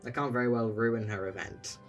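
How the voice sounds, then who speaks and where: A man voicing Vin, a poised noble who is courteous but sharp-tongued, in a tabletop game with music behind. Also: medium pitch, fairly even intonation, fairly quick, muffled recording, lightly acted. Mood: catty.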